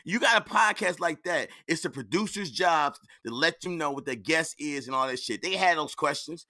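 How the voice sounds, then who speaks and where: Bright, blunt reaction-show host, a man. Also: fairly high pitch, animated, moderate pace, no room sound. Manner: blunt, mocking, heated. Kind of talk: profane reaction commentary.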